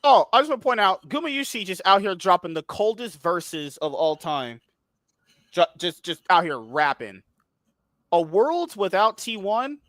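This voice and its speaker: High, lively man, dry close sound. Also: unhurried, dry recording. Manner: joking, teasing banter. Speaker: podcast co-host. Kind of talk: casual esports chat.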